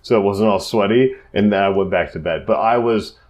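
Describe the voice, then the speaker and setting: Deep-voiced congested man rambling. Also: a little fast, a little mellow. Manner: rambling, profane storytelling. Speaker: podcast co-host. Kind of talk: casual chat.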